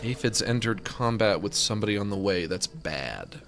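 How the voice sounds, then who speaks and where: A man's voice: fairly low pitch, moderate pace, vocal fry. A man streams himself playing a game, his voice leaping around as he gasps, laughs and grumbles. His commentary is loose and unscripted, with faint game music behind him. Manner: excitable, swings between delight and frustration, swears. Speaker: gaming streamer.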